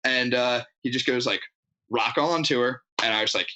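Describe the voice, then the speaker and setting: Man, young adult, podcast co-host, bright tone, laid-back deadpan delivery. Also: mid-range voice, muffled recording. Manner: laid-back, quick jokes and deadpan asides. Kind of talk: casual comedic chat.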